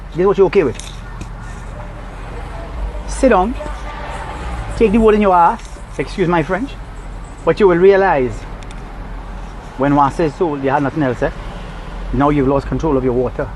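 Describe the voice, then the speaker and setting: A man's voice: a little high, a little hiss or hum, low-quality recording. A Trinidadian man recording a heated, scolding rant from his parked car. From Trinidad and Tobago. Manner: agitated, preachy, scolding. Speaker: vlogger.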